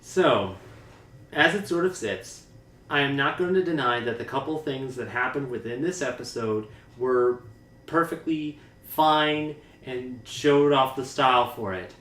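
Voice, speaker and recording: A man's voice: mid-range voice, a little slow, fairly bright tone, recorded from a distance. A man co-hosting a podcast, chatting casually and complaining dramatically with exaggerated asides. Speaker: podcast co-host. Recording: roomy echo.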